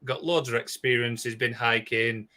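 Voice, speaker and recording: A man co-hosts a relaxed podcast, telling an eerie missing-person story. His voice is bright and lively, and he rushes along, restarting phrases and leaning on "obviously.". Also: medium pitch. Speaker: podcast co-host. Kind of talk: casual storytelling chat.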